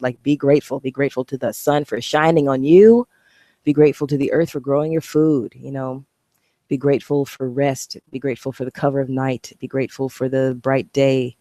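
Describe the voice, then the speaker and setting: Blunt, animated woman vlogger. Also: very deep voice, no echo, studio quality. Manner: blunt, animated, swearing freely. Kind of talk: casual talking-head vlog.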